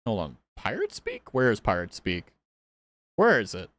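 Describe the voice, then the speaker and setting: Male streamer, hugely expressive pitch swings, playful and giggly, reading game menus aloud. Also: normal speed, no echo. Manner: playful, giggly, reads menu items aloud. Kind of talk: casual gameplay commentary.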